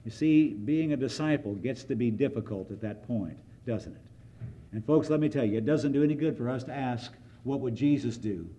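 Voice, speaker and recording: A man's voice: medium pitch, normal speed, warm tone, reverberant, dull audio. A man preaching a sermon, reading scripture aloud and explaining it in an earnest, emphatic way.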